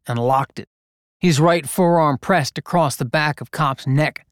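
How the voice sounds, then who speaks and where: A man reading a gritty story aloud in a measured, deliberate narration. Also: fairly high pitch, dry recording, clean studio sound. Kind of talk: scripted narration.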